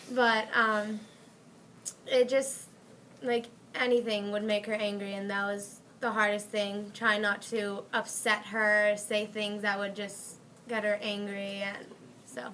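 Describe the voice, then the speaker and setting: A young woman speaks on a discussion panel in a bright, somewhat tense voice that stays fairly level in pitch. She talks earnestly and haltingly, with frequent fillers. Faint room noise sits behind her. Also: little pitch movement. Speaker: panelist, sibling of a brain injury survivor.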